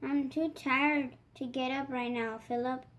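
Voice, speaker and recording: A lazy groundhog grumbles and yawns from under his covers, played by a woman with a high voice. It is a gentle storybook read-aloud with drowsy, grouchy delivery. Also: flat delivery, moderate pace. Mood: sleepy. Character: lazy sleepy grumpy male groundhog.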